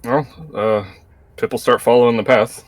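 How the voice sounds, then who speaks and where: A man's voice: medium pitch, fairly even intonation, moderate pace, dry recording. Hesitant male player, dry sound. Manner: hesitant, filler-heavy. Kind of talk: casual tabletop play.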